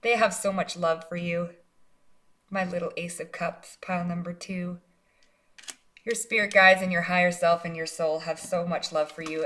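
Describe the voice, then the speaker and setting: A woman's voice: fairly low pitch, a bit bright. A woman giving a casual pick-a-card tarot reading, speaking straight to the viewer in an encouraging way and tagging her points with "right?" and "like". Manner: casual, chatty, often tags lines with "right?" and "like". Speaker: psychic tarot card reader.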